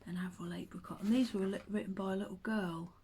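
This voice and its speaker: A woman, chatting to the camera and telling old stories in a relaxed, reminiscing way. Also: medium pitch, fast talker, a little hiss or hum. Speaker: vlogger. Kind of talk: casual chat to camera.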